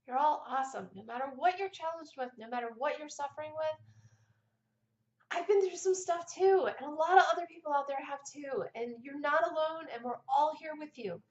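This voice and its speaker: A middle-aged woman vlogger telling a personal story in a casual, animated way, often laughing. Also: high voice, moderate pace, echoey room, dull audio.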